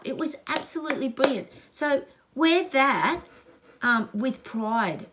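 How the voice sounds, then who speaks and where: A middle-aged Australian woman hosts a casual psychic reading, addressing viewers in a gushing, emphatic way and getting emotional. Her voice is mid-range and a bit bright.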